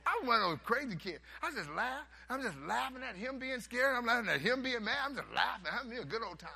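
A man preaching a sermon, telling a story and swinging from hushed asides to loud, animated bursts. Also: very high-pitched, quick pace, vocal fry, husky.

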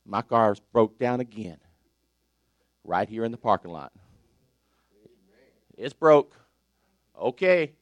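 An older man preaching a sermon, animated and exclaiming with laughter and praise. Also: lowish voice, slow, long pauses, no room sound, lo-fi sound.

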